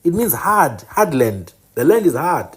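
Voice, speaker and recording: A man's voice: fairly high pitch, very animated, measured pace, husky. Insistent man teaching. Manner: emphatic, corrects names insistently and repeats them. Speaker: channel host teaching indigenous place names. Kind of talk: informal teaching monologue.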